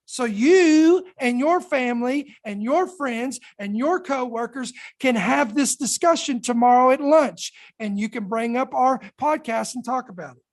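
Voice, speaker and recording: A woman podcast host reading news quotes aloud and commenting on them, with slow, deliberate emphasis and dramatic pauses. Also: high voice, expressive, darkish tone.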